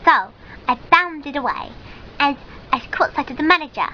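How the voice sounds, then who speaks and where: Giggly rambling woman with a bright voice. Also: high voice, animated, moderate pace, muffled recording, slight background noise. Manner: rambling, giggly, with many ums and restarts. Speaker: comic storyteller in character. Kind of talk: comic sketch monologue.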